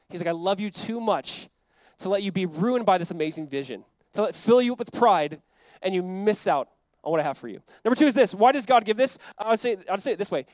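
A man's voice: high voice, no echo, rough recording. A man with an American accent preaching a sermon as pastor, talking in a conversational, earnest way and acting out the quotes he reads.

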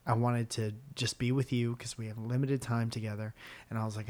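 A man's voice: mid-range voice, level tone, fairly quick. A man co-hosting a podcast, chatting casually and telling rambling, self-deprecating comic stories as a stand-up comedian. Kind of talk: casual chat.

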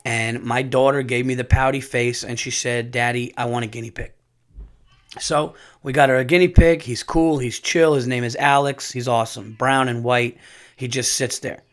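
A man's voice: mid-range voice, moderate pace. Rambling man telling comic stories. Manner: rambling, animated storytelling with profanity. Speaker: podcast host and comedian. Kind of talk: casual comic monologue.

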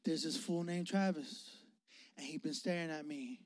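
A man voicing his teenage self, quietly telling his brother about a bully. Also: on the high side, steady tone, moderate pace, no echo, studio quality, pitched below the performer's own voice, lightly acted. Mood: hushed. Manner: hushed, conspiratorial. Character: nervous teenage boy, quietly complaining.

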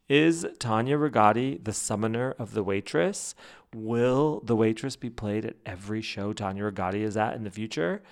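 Young male podcast host, gravelly hushed voice, excitable and joking, hotel room at night. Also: medium pitch. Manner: whispering. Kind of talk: casual fan chat.

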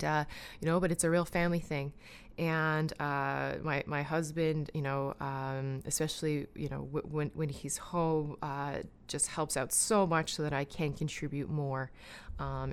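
A woman in her thirties hosts a podcast, her voice low and smooth. She rambles warmly through thanks, with frequent ums and restarts. Her tone is emotional and sincere. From Canada. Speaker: podcast host and breathwork guide. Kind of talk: casual heartfelt thank-yous, then guided breathing.

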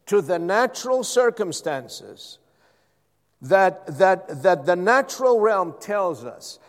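A male pastor preaching a sermon, drawing the congregation in with repeated calls of "Amen?". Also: high voice. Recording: long hall reverb.

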